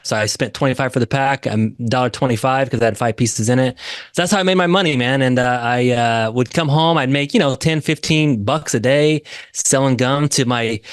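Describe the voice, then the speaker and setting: A man's voice: medium pitch, clear, resonant tone, no room sound, studio quality. A man from Indiana, a real estate investor, telling his story as a podcast guest in an earnest way. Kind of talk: podcast interview.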